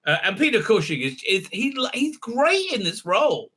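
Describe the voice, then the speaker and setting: This channel host recaps and reviews a film in a joking, irreverent way, cursing and peppering his talk with "uh, uh." He speaks at a normal speed in a high, very animated voice that sounds pushed, bright, and husky.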